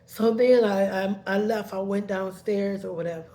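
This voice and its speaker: A woman's voice: medium pitch, fairly even intonation, normal speed, mellow. A woman telling a painful personal story in a rambling way, heated at first and then subdued, sometimes tearful.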